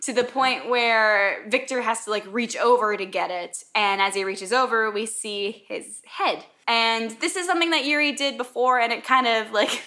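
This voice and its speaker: A woman's voice: on the high side, normal speed, few pauses, sharp tone. A woman co-hosting a podcast, chatting enthusiastically through an anime episode recap and acting out characters' lines. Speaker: podcast co-host. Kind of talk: casual anime recap chat.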